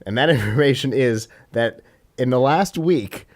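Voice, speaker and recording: A man's voice: medium pitch, expressive, moderate pace. A man co-hosting a casual comedy tech podcast, teasing his partner with a wry tone. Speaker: podcast co-host.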